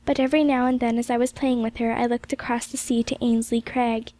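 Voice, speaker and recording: A woman reading a classic novel aloud as an audiobook, in gentle, measured storytelling narration. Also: a little high, flat delivery. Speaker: audiobook reader.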